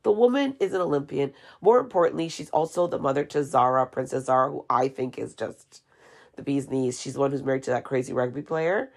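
Opinionated low gravelly woman podcaster. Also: a little fast. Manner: opinionated, sarcastic and chatty. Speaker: podcast host. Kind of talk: casual solo podcast monologue.

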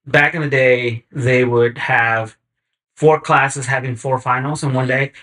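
A man guesting on a podcast, telling stories in a relaxed, slangy way. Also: medium pitch, a little slow. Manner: laid-back, slangy, acts out quotes in animated bursts. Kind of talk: casual chat, storytelling.

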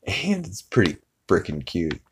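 A man's voice: sits low, unhurried, slight background noise. A man hosting a podcast, casually and animatedly retelling a cartoon episode. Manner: rambling and animated, acts out character lines. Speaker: podcast host.

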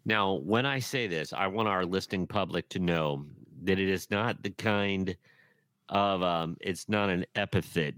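A man co-hosting a podcast in casual chat, joking and measured. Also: low-pitched, fairly bright tone, no room sound. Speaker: podcast co-host.

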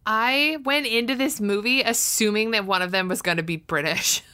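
A woman co-hosting a casual movie review podcast, talking in an animated way with lots of "like" and playful asides. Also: mid-range voice, normal speed, smooth. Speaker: podcast co-host.

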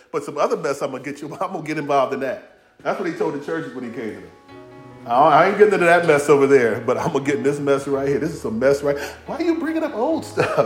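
A man preaching a sermon, playful and humorous, acting out voices of biblical figures in vernacular speech. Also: a little high. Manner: animated, humorous preaching with acted-out dialogue; Southern-inflected vernacular, y'all and ain't. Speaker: pastor.

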